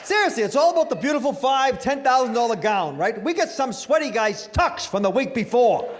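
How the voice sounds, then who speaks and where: A man's voice: very high-pitched, lively intonation, fairly quick, slight background noise. A middle-aged man doing a stand-up comedy set on stage, self-mocking and chatting with the crowd. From Italian-American family.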